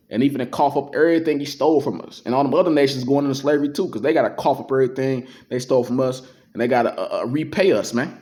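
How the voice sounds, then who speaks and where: A man giving casual, emphatic religious commentary, slowing down to read verses aloud in a street-casual way. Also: medium pitch, darkish tone. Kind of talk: casual preaching commentary reading scripture.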